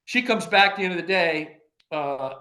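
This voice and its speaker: A man's voice: sits high, moderate pace. An older man, a former agency director, telling anecdotes in an interview and acting out the dialogue he quotes, with frequent laughter. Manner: animated storyteller who acts out quoted dialogue, laughing often.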